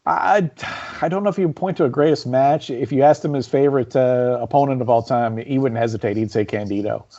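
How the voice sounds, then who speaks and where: Brief: male guest author, warm mellow tone, chatty storyteller, muffled call audio. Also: medium pitch, brisk. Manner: animated storyteller, many fillers and repeats. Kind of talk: conversational storytelling on a podcast.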